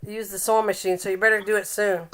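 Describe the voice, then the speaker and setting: A woman's voice: medium pitch, level tone, heavy background noise. Chatty older woman, laughing often. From Canada. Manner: chatty and teasing, laughs often, reads aloud haltingly. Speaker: live stream host. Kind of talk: casual live-stream chat.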